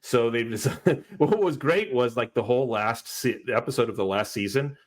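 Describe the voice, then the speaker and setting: A man's voice: mid-range voice, moderate pace. A man co-hosting a podcast, chatting casually and bluntly mocking a show. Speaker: podcast co-host. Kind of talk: casual review chat.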